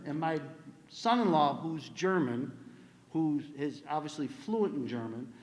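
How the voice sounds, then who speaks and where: An older man addresses students at an induction ceremony, with a fairly high voice. His speech rings with the long reverb of a big hall. He tells stories in an unhurried, encouraging way. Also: animated. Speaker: school administrator giving a speech.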